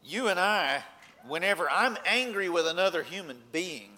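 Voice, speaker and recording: A man preaching a sermon, earnest, rising to emphatic points and then dropping low. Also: lively intonation, normal speed, pushed and bright.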